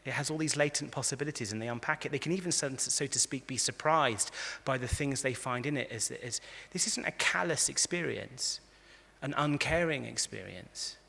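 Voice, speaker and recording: A man, a rabbi, giving a lively lecture to a live audience, telling stories and acting out the quotes with frequent restarts. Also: mid-range voice, normal speed, vocal fry. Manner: animated storyteller, frequent restarts, acts out quotes. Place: large convention hall. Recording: echoey hall.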